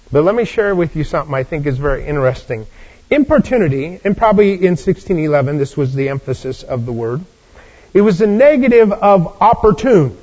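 A man's voice: a little high, darkish tone, long reverb tail. A man preaching a sermon and teaching from the Bible, telling the story with animation and acting out the characters' lines. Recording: dull lo-fi recording.

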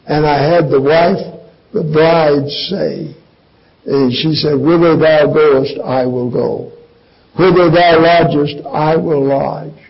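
An older man preaching a sermon as pastor, his gravelly voice jumping into high, emphatic outbursts. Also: lo-fi sound.

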